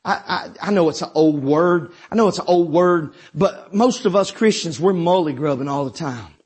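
Emphatic husky-voiced Southern preacher man. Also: normal speed. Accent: Southern US, South Georgia. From South Georgia, US. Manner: emphatic, rising to shouts then dropping low. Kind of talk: sermon.

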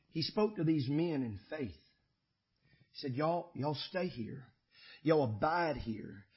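Preacher man swinging loud and soft. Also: fairly high pitch, highs cut off. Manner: preaching cadence, swings between shouting and quiet asides. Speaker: pastor. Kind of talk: sermon.

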